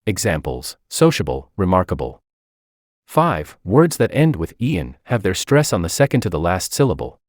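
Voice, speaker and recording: A man with a very low voice reads a scripted exam tutorial, listing rules and example words in turn. His pitch swings widely as he reads. The recording is dry and close, with no room sound. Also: big pitch swings, normal speed, no echo. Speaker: English language tutor. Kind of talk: scripted instructional reading.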